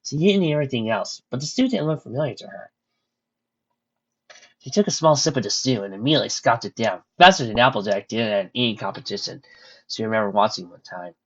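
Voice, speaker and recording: A reader narrating a fan story, lively with occasional slips, in a muffled lo-fi recording. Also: mid-range voice, fast talker.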